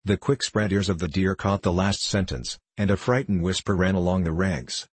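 Man, low voice, husky, dry close recording, storybook reading. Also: steady tone, normal speed, dry recording. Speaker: audiobook narrator. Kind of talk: scripted storybook narration.

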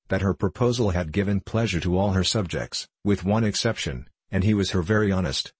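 Low, husky male storyteller. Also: a little mellow, no echo. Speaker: narrator. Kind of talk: storybook reading.

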